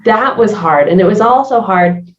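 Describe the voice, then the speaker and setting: A woman's voice: medium pitch, expressive, normal speed. A woman from the American South with a Southern accent, a podcast guest reflecting thoughtfully, with many fillers and restarts. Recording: distant, roomy, dull remote sound.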